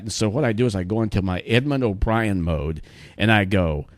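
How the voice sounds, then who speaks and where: A man's voice: on the low side, moderate pace, no echo, studio quality. A man in his sixties hosting his show, talking casually to viewers in a rambling way full of fillers and asides. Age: 60s. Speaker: show host.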